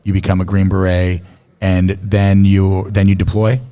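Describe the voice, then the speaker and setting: A man hosting a podcast, talking excitedly and swearing freely in casual chat. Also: sits low, normal speed. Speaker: podcast host.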